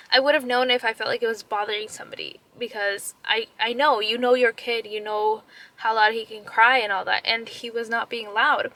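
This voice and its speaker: Young mom venting on her vlog, high bright voice, lots of "like", switches into spanish bits. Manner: animated retelling, many "like" fillers, drops Spanish phrases; upset and emotional. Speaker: vlogger. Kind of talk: casual storytime vlog.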